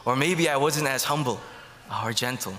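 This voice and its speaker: Bright-voiced preacher in an echoey church. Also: male voice, medium pitch, moderate pace. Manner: rambling, many fillers and restarts. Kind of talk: casual homily.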